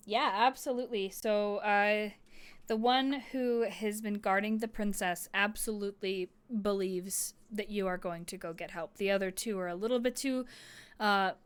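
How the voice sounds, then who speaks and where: A young woman runs a tabletop game in an easy, chatty way, laughing often and filling gaps with ums. Her voice is smooth and clear, at a middle pitch. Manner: chatty, laughing, filler-heavy narration. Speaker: game master.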